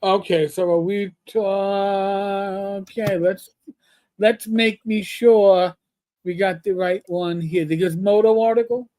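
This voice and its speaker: A man's voice: high voice, fairly even intonation, slow, dark tone. A middle-aged man co-hosting a casual gaming livestream, reading quotes aloud with wry asides. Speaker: podcast co-host.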